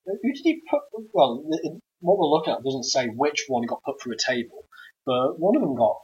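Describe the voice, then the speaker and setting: A man's voice: on the high side, sing-song, moderate pace, a little mellow. A man co-hosting a casual wrestling chat, laid-back and blunt, swearing now and then. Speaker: podcast co-host. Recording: dull lo-fi sound.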